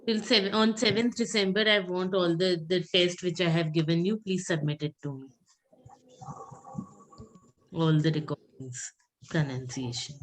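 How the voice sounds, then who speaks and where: A woman's voice: lowish voice, normal speed, pauses often, slight background noise. A woman teaching French pronunciation in an online class, patiently repeating words for her students over a video call.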